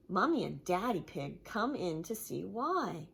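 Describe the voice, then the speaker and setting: Expressive woman reading a picture book aloud. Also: on the low side, measured pace, vocal fry, breathy edge. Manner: warm, expressive, storytelling. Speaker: teacher reading to children.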